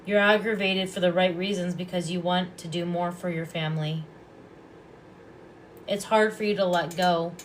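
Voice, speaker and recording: A woman giving intuitive readings on a live stream. She talks calmly and softly and often repeats her phrases. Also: lowish voice, moderate pace, a little hiss or hum. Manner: calm, soft-spoken, repeats phrases. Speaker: psychic reader and past life regressionist.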